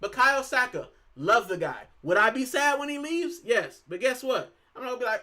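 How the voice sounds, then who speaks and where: A man's voice: extremely high pitch, big pitch swings, normal speed, hardly any pauses, bright, forceful tone. A man from Puerto Rico hosting a football fan channel, talking casually and with animation, full of fillers and "bro". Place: lives in the UK.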